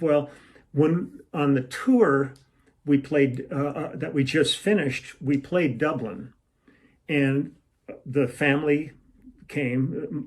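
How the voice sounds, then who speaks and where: An older man, a musician, tells a long tour story casually at home in a room with a shelf. His voice is medium-pitched and a little mellow, and he rambles and meanders, acting out the lines people said.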